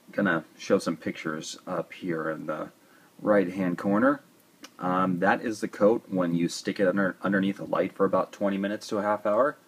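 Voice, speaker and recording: A man's voice: low-pitched, husky. A man casually reviewing a toy, chatty and rambling, with joking asides.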